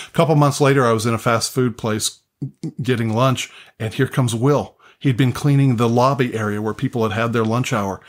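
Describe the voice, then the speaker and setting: An older man delivers a sermon as a story told in earnest. His voice sits at a middle pitch, and he often stops and restarts or repeats a phrase as he goes. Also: steady tone, a little fast. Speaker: pastor.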